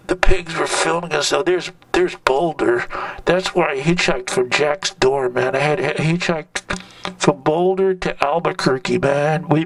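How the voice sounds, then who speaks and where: Gravelly older man rambling, slangy. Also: fairly high pitch, fairly bright tone, dry recording. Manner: loose, hippie-slang talk ending phrases with "man". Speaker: narrator recalling a protest. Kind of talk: rambling personal reminiscence. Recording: distant mic, dry sound.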